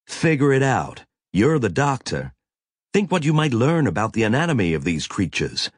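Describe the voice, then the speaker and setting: A man voicing a stern, commanding woman starship captain who snaps sharp orders, raising his pitch well above his own. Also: sing-song, normal speed, dry recording, studio quality.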